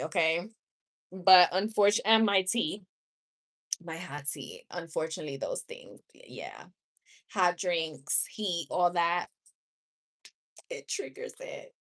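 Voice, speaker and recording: Slow, laughing New York woman chatting live. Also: fairly low pitch, lively intonation, fairly bright tone. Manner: chatty, laughs often, rambling asides. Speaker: live-stream host. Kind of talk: casual live-stream chat with viewers. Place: home room.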